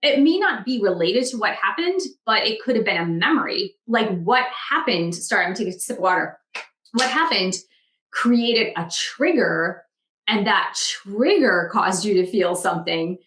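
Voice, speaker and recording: A woman's voice: mid-range voice, animated, normal speed, a bit bright. A woman author talking casually in a self-help vlog, earnest and reflective, often asking questions aloud. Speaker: author vlogger. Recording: roomy echo.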